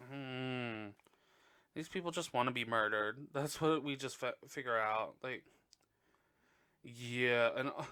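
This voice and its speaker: A man hosting a podcast and reviewing a movie in casual chat, blunt, profane and gossipy, with sudden high exclamations. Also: sharp tone, clean tone, no echo, clean studio sound. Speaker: podcast host.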